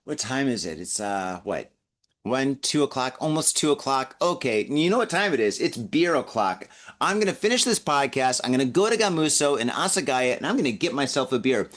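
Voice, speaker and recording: A man's voice: medium pitch, very animated, fairly quick, fairly bright tone. A jokey man in his forties hosts a casual news podcast, hungover and full of laughing asides. He chats loosely between stories. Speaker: podcast host.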